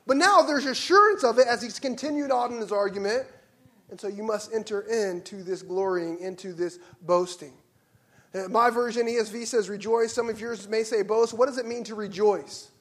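High-voiced preaching man, passionate. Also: moderate pace. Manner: passionate preaching, swings from hushed to loud exclamations. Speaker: pastor. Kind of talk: sermon. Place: church sanctuary.

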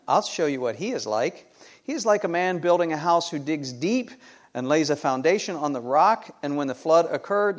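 Emphatic preacher man asking questions. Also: a little high. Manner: emphatic, rhetorical questions to the congregation. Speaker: pastor. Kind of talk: sermon.

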